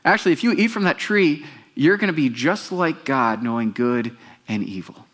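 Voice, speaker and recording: A man's voice: expressive, moderate pace, fairly bright tone. A man doing a crafty serpent that coaxes in a raised, pushy voice, sliding well above his usual talk. He keeps it sly and insistent as he works on his listener. It is the voice of a storyteller acting out a tempter in a sermon. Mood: coaxing. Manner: high, coaxing, insistent.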